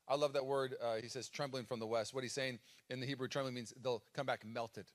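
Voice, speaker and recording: Fast-talking American pastor preaching. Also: male voice, medium pitch. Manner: animated storytelling with dramatic acted-out cries. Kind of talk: sermon. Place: church auditorium. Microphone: live stage microphone.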